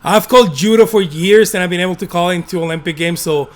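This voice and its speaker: High-voiced chatty male interviewer. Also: fast. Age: 40s. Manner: enthusiastic, chatty. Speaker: interviewer, host. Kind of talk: casual interview questions.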